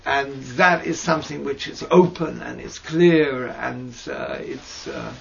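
A man teaching mystical texts in a slow lesson over a video call, hesitant and searching for words with fillers and restarts. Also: gravelly. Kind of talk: slow explanatory lesson with many pauses. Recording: dull low-fi audio with faint noise.

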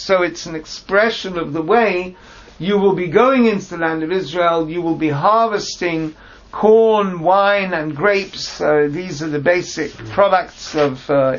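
Male Torah teacher, high gravelly voice, halting phrase-by-phrase explanation, lo-fi sound. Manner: translates Hebrew phrase by phrase, halting restarts. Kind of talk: text study class. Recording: dull lo-fi recording.

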